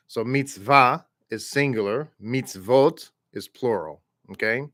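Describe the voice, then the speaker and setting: A man with a Texas accent teaching a Hebrew reading class online in a relaxed, chatty way, repeating words slowly for his students. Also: mid-range voice, no room sound, clean studio sound. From American South.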